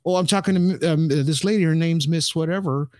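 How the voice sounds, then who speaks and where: A man's voice: a little high, a little mellow, dry recording, studio quality, pitched above the performer's own voice, lightly acted. Man quoting a puzzled security guard. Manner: quotes in a raised, hurried voice.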